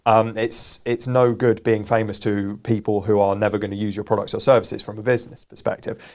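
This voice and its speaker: A man's voice: lowish voice, little pitch movement, fairly quick, a little mellow. A man co-hosting a business live show, explaining earnestly and often restarting his words. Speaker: co-host. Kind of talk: casual business chat.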